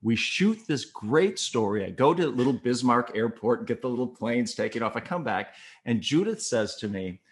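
Older man spinning animated anecdotes. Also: medium pitch, moderate pace, hardly any pauses, slight background noise. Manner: animated, acts out the other people in his stories. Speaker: interview guest, former TV news photographer and reporter. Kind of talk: casual anecdotal storytelling.

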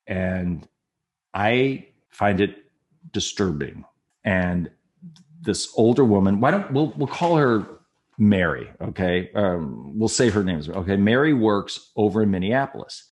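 Middle-aged guy spinning a funny personal story, lowish voice that swings all over, jokes on himself. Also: a little slow. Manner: animated, acts out voices of people in the story; candid and self-deprecating, with laughs. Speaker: storyteller guest. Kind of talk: personal anecdote told to a listener.

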